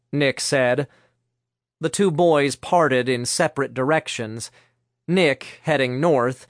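A man narrating an audiobook in a brisk, even storytelling manner. His voice sits at middle pitch. The recording is dry and close. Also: no echo.

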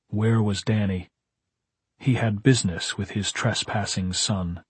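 A man narrating an audiobook in a measured, dramatic storytelling manner. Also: on the low side, steady tone, husky, dry recording. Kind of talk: scripted narration.

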